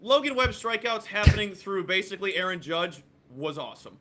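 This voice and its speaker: A man co-hosting a sports betting chat, talking in relaxed, teasing banter. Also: high-pitched, fairly quick, slight background noise.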